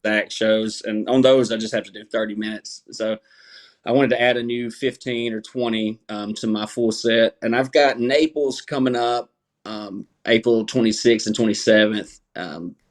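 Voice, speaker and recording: A man's voice: lowish voice, steady tone, normal speed. A young adult man, a stand-up comedian guest, telling rambling, profane stories in a casual chat. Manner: profane, rambling, self-mocking.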